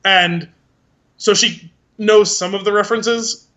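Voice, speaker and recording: A man co-hosting a podcast in casual chat, animated and acting out movie scenes in funny voices. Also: high voice, takes it slowly. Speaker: podcast co-host.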